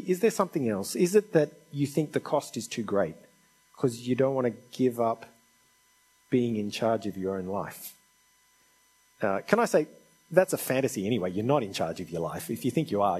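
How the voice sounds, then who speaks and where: A man's voice: medium pitch, lively intonation, a little fast, a little mellow, slightly rough, rough recording. A man preaching a sermon in an earnest, conversational and pleading manner.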